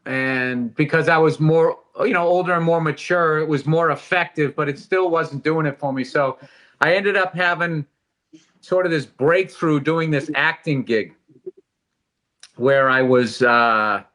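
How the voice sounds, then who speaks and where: A middle-aged man with a high, bright voice talks on a casual podcast. He is reflective and candid. He swears loosely as he goes. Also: unhurried. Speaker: podcast host.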